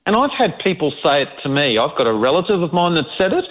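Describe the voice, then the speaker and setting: A man's voice: a little high, very animated, fast talker, slight background noise. A man with an Australian accent co-hosting a casual radio chat, talking emphatically and mocking critics. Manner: emphatic, mocks critics in put-on quoted voices. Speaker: co-host. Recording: tinny phone-like radio line.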